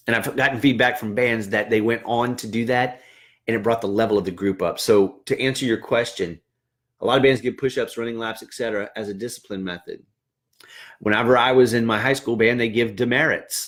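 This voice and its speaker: A man who trains band leaders, giving an earnest, encouraging casual livestream talk to band directors. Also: medium pitch. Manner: earnest and encouraging, acts out classroom dialogue.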